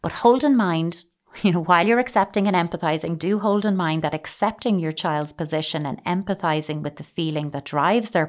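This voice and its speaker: A woman giving parenting advice in a calm, measured coaching tone, often saying "you know". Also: deep voice. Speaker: parenting expert.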